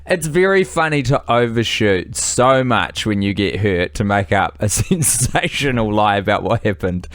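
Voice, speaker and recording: A man's voice: lowish voice, expressive, moderate pace, hardly any pauses, a bit bright, dry recording, clean studio sound. A man co-hosting a podcast, chatting casually about a film with wry, joking interjections. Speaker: podcast co-host. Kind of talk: casual film-review chat.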